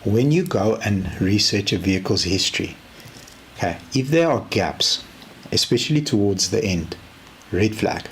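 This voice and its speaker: A South African man giving a casual training talk, telling a story in an animated way and acting out both sides of the conversation. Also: lowish voice, normal speed, a little hiss or hum. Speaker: car sales trainer.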